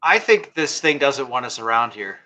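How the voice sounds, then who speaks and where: A man as a player in a tabletop game, speaking calmly and measured. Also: medium pitch. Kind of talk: casual tabletop game chat.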